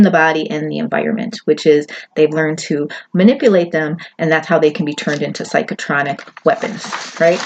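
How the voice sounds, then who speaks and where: Woman presenter, lowish voice, talks through slides in a chatty way with lots of check-ins; dull lo-fi audio. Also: darkish tone. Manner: chatty, often checks in with "right?" and "okay". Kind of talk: casual lecture over slides. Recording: dull lo-fi audio with faint noise.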